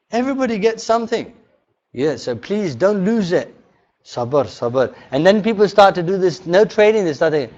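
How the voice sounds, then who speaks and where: A man teaching a religious workshop in a mosque, animated and often checking in with his listeners. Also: a little high. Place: mosque hall. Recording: dull lo-fi recording.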